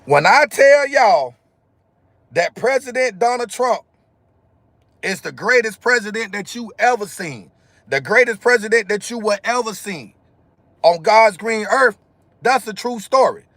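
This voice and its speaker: A man's voice: high voice, lively intonation, a little slow, a bit bright, dry recording. Emphatic man ranting on a live stream. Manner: repetitive, emphatic, talks straight to viewers. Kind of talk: casual live-stream rant. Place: in a car, outdoors in sunlight. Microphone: phone camera.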